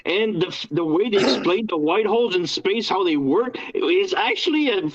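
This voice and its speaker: A man joins a casual podcast chat, chiming in with enthusiasm and the odd swear. His voice is a touch higher than average. The sound is muffled and lo-fi. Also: expressive, moderate pace.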